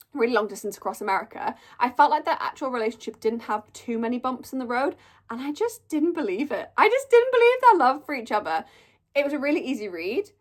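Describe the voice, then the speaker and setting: A young woman chatting casually through a monthly reading wrap-up, gushing and storytelling with lots of "like". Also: a little high. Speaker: book reviewer.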